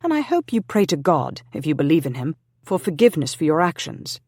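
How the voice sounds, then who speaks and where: A man's voice: sits high, sing-song, brisk, gravelly, darkish tone, no room sound, voice pushed up, exaggerated voice. A narrator voicing a stern, sensible nobleman who speaks tightly and scolds, in a dry recording.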